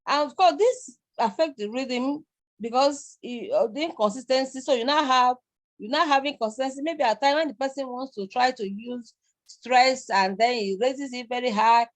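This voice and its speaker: A woman's voice: high voice, moderate pace. A middle-aged woman with a Nigerian accent, giving a live online university lecture in a rambling way, repeating words and chuckling.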